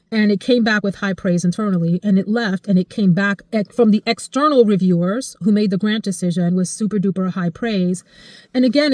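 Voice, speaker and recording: A woman in her forties chatting casually to camera about her life, expressive and emotional, her voice jumping high when she gets excited. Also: no room sound, studio quality. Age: 40s. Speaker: vlogger.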